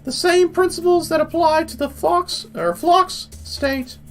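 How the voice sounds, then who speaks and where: A man voicing a sharp-tongued woman team leader in a high falsetto, reading a game's lines aloud. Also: unhurried, soft background music. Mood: bossy. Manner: falsetto, bossy and clipped.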